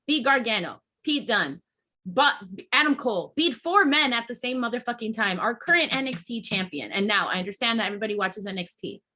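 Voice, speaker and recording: A woman's voice: medium pitch, bright, forceful tone. A woman hosting a podcast, venting in a heated, emotional rant full of swearing and restarts. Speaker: podcast host.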